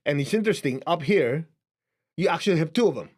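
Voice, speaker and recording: A man with a Chinese accent teaches in a loose, conversational way, his voice sitting a little higher than most men's. He chuckles lightly as he explains things, like a spiritual teacher talking to a class. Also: lively intonation, fast. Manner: conversational, chuckling, shows a book to camera. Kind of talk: casual teaching talk to camera.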